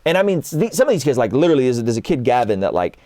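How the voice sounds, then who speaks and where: A man in his thirties talks as a guest in a relaxed conversation and tells stories with lively energy, slipping into little voices for the people he quotes. His voice sits in an ordinary middle pitch and is recorded dry and close, with no room sound around it. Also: very fast, no room sound. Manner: animated storyteller, acts out quotes. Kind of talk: casual conversation.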